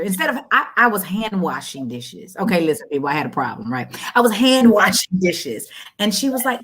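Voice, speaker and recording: Animated woman telling her story. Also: brisk, hardly any pauses, husky. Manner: animated, repeats phrases for emphasis, jumps high when quoting. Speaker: guest. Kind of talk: candid conversational storytelling.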